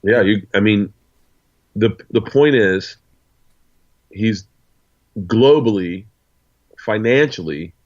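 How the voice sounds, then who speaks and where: A man's voice: lowish voice, takes it slowly, long pauses. A man, a comedian guest, telling stories in casual chat, swearing freely and acting out both sides of conversations. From United States. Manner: profane, animated storyteller acting out dialogue. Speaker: interview guest, stand-up comedian. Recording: dull lo-fi sound.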